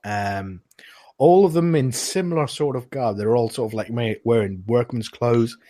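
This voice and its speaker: A man narrating a tabletop game as game master, pausing with many fillers. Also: mid-range voice, warm tone.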